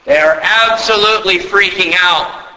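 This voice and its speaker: Man preaching slow and earnest, high bright voice, big echoey church hall. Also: fairly even intonation, slight background noise. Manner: earnest, emphatic preaching with rhetorical questions. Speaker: pastor. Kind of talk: sermon. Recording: echoey hall with long reverb.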